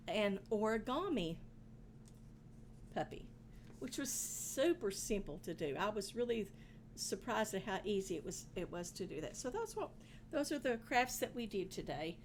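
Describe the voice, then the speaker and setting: A woman hosting a children's stream, chatting casually as she recaps the day's songs and crafts, relaxed and quick to laugh. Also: medium pitch, slight background noise.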